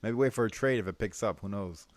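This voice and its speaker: A man's voice: on the low side, fast talker, no echo. A man co-hosting a casual comic book review chat, laid-back and slangy, laughing often.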